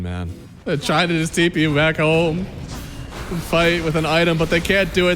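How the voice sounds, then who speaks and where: Male esports caster with a slightly raised pitch, fast and excitable play-by-play over light music. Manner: quick, excitable play-by-play, relaxed analysis between fights. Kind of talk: live esports play-by-play commentary.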